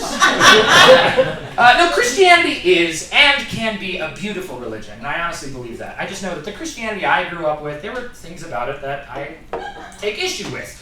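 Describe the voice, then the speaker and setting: Guy doing standup, high voice all over the place, echoey theatre, crowd laughing. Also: moderate pace, far from the mic. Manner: animated, acts out characters in shouted voices. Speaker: stand-up comedian. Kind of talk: stand-up comedy set. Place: theatre stage with live audience. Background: audience laughter.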